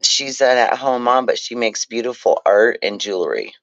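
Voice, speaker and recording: A woman with a Southern American accent, a mother chatting casually on a livestream in a relaxed, easygoing way. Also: extremely low pitch, moderate pace, dry recording. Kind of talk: casual chat. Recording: dull dry lo-fi stream audio.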